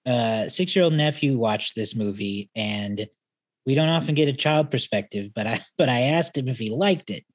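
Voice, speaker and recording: A man's voice: mid-range voice, moderate pace, dry recording. Man with a dry close sound. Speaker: podcast co-host. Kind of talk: casual movie review chat.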